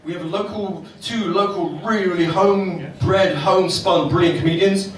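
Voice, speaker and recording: A man's voice: high voice, steady tone, moderate pace. A middle-aged man hosting a comedy club night, working the crowd in a cheeky, swearing stand-up manner. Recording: echoey club from far off, noisy.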